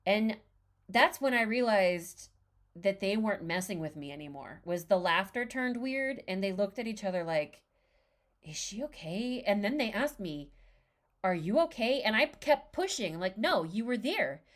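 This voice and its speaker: A podcast co-host tells a story during casual chat, speaking at medium pitch and normal speed. She's animated and acts out the dialogue she quotes.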